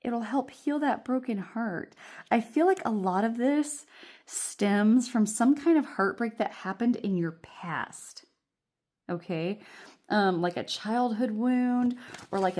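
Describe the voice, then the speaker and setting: A woman's voice: mid-range voice, a little mellow. A woman giving a casual pick-a-card tarot reading at home, chatty and reassuring, often checking in with "okay?" and laughing as she talks, recorded on a phone. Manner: laughs often while talking. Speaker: tarot reader. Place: home room. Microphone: phone camera.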